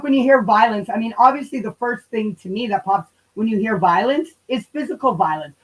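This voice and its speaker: Ranting on her livestream in a casual, heated and profane way, this female YouTuber occasionally wanders off the mic. Her voice is a little high with lively intonation at a moderate pace, and the recording quality is low.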